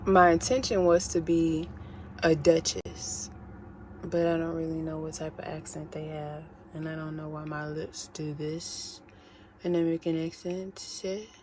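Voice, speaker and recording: A woman's voice: deep voice, little pitch movement, normal speed, a little mellow, slight background noise. A woman chatting casually in a vlog from inside her parked van, playful and self-mocking as she rambles. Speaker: vlogger.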